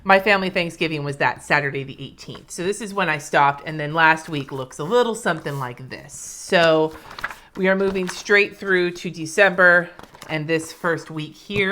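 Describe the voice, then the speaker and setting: This low-pitched woman from California speaks at a moderate pace with a sharp tone, chatting on a live stream from her home. As a planner vlogger, she plans her week, reads live comments, replies to viewers by name, and swears freely.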